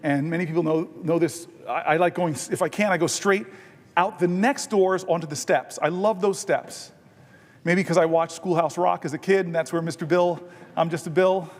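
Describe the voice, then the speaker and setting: A man's voice: on the high side, steady tone, normal speed. A man, a senator holding the floor, telling a personal story with self-deprecating humor in an extemporaneous floor speech in a large legislative chamber. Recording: long chamber reverb.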